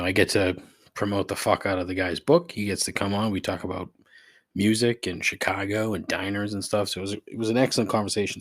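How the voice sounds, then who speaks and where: A man's voice: fairly low pitch, dry recording, clean studio sound. A man hosting a solo podcast, ranting in a sarcastic, profane, exasperated way. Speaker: podcast host. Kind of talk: casual solo podcast rant.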